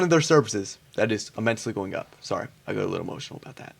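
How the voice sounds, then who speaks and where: A man's voice: lowish voice, animated, very fast, gravelly, hardly any pauses. A man giving blunt, exasperated reaction commentary, mocking a debate and swearing at it.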